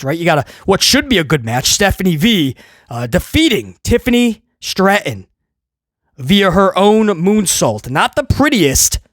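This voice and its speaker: A man's voice: on the high side, dry recording, studio quality. A man hosting a casual video review, ranting in a sarcastic, exasperated way and rambling with many restarts. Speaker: wrestling show reviewer, host.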